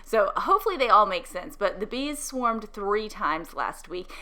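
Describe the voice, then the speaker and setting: Bright-voiced woman introducing her vlog. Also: medium pitch, sing-song, moderate pace. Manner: rambling, hesitant with fillers. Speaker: beekeeping vlogger. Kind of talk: casual video intro.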